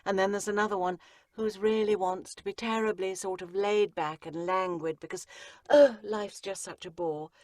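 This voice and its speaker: A woman's voice: medium pitch, steady tone, moderate pace, darkish tone, no room sound, studio quality. A middle-aged Englishwoman, an acting coach talking through her craft in an interview and slipping into playful voices to make her points. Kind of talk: interview on a podcast.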